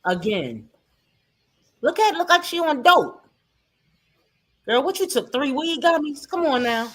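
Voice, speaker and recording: A woman's voice: high-pitched, very animated, unhurried, a bit bright. A woman streamer giving sarcastic, mocking reaction commentary and talking straight to her viewers. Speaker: streamer host.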